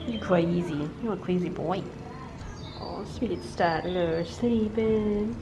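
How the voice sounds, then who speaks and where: A woman talking to her cats at home in a cooing, affectionate way, with soft laughs. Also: on the low side, takes it slowly, noisy background. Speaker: cat channel host. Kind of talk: casual talk to her cats.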